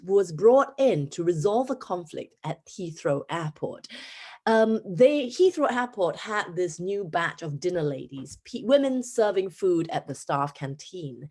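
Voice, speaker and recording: At a conference, a thirtysomething English teacher from Singapore speaks with a Singaporean accent. Her talk unfolds as animated storytelling, with frequent jumps in pitch.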